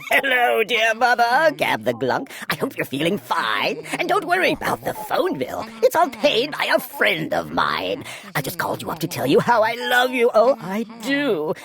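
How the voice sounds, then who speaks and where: A woman's voice: a little high, huge pitch swings, moderate pace, a bit bright, exaggerated voice. A woman voicing a smug, chatty male glunk creature in a storybook read-aloud, glib and rambling.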